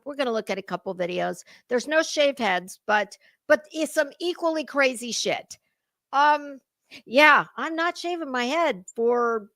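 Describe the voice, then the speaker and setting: A middle-aged woman hosts a casual political commentary livestream in a high, bright, pushed voice, recorded with studio quality and no room sound. She's chatty, blunt and profane while talking to her chat viewers.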